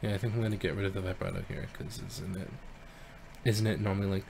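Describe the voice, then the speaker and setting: A man chatting casually on a live stream, relaxed and self-deprecating as he answers questions from chat. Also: sits low, fast talker, vocal fry, background noise. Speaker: singer streaming voice synth tuning.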